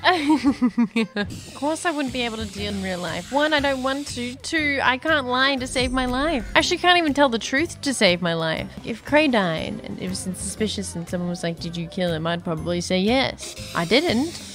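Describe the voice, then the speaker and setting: A woman's voice: fairly high pitch, a bit bright. A young woman commenting on a game as she plays, chatty and giggly, often gasping and squealing. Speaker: gaming YouTuber. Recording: music underneath.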